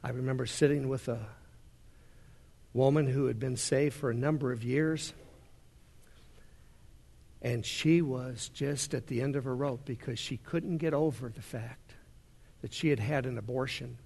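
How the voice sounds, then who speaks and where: A male pastor preaching a sermon in a large worship center, swinging between hushed storytelling and rising fervor. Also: mid-range voice, vocal fry, slightly rough.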